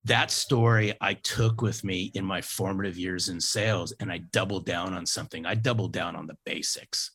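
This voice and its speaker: Deep gravelly-voiced man telling a story. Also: fairly even intonation, moderate pace, hardly any pauses, a bit bright. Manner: emphatic, repeats key phrases for effect. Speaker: sales coach guest. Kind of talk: storytelling interview talk.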